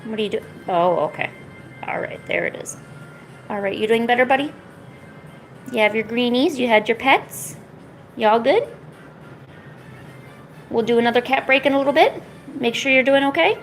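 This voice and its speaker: Woman kinda sick, fry in her voice, baby-talking her cats, faint music behind. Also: on the high side, normal speed, pauses often, low-quality recording. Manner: soft, cooing pet talk. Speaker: art streamer. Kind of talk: casual chat to her pets while drawing.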